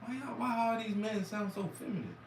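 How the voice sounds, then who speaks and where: A hoarse man giving crude, mocking reaction commentary in a rambling rant. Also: sits high, fairly quick, reverberant, recorded from a distance, slight background noise, poor audio. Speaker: commentator reacting to debate clips.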